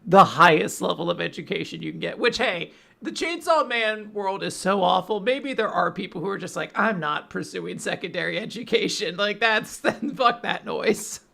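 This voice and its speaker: A man co-hosting a casual podcast, excitable, laughing often and swearing casually as he talks over comic chapters. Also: high voice, moderate pace, creaky, hardly any pauses. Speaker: podcast co-host. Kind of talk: casual chat recapping manga.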